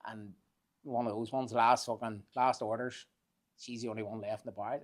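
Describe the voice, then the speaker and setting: A man's voice: fairly low pitch, steady tone, moderate pace. A man in his forties, a podcast guest, telling rambling, profane anecdotes and laughing as he goes. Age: 40s. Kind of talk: casual storytelling.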